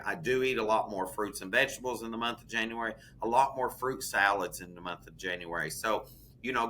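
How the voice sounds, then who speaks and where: A man with a Southern US accent chatting as a podcast co-host, folksy and animated, calling the listener "honey". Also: fairly low pitch, slight background noise. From American South. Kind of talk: casual chat.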